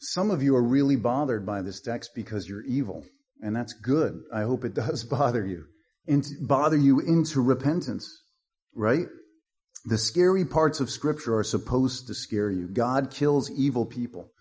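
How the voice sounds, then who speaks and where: A man's voice: mid-range voice, animated, normal speed, a little mellow, husky. A male pastor preaching a sermon in a blunt, punchy way, with mocking asides.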